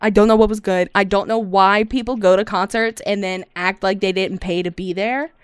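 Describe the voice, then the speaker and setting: A young woman, streaming a casual reaction, loud and profane with frequent exclamations. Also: mid-range voice, steady tone, moderate pace, clear, resonant tone, no room sound, clean studio sound.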